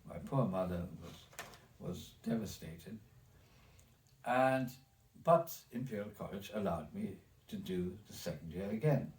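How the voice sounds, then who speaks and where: A man's voice: lowish voice, a little mellow, distant mic. Rambling elderly man with a German accent. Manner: rambling, with many restarts and repeated words. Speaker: interviewee telling his life story. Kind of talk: recorded oral history interview. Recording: echoey room, off mic.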